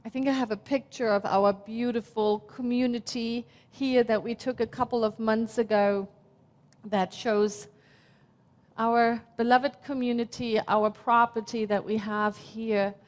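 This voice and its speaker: A woman in her fifties from Germany, speaking with a German accent as she gives a slow, reflective, heartfelt sermon as minister. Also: on the high side, darkish tone. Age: 50s. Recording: long hall reverb.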